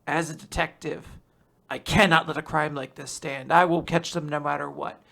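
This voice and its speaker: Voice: medium pitch, steady tone, moderate pace, gravelly, fairly bright tone. A podcast host voicing a prideful, bashful young male detective in an earnest, stiff way. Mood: stern.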